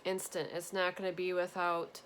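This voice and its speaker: A woman giving a gentle, earnest spiritual tarot reading to her viewers, repeating reassuring phrases. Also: fairly low pitch, monotone, moderate pace, slight background noise. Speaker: tarot reader.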